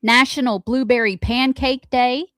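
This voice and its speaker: A woman's voice: on the high side, steady tone, a little slow, a bit bright, dry recording. Female morning-radio co-host, giggly and playful, dry close mic. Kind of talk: casual radio banter.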